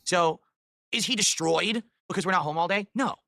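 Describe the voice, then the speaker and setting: A man's voice: high-pitched, normal speed, creaky, sharp tone, no echo. A man talking on his livestream, defensive and insistent. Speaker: streamer and pet owner.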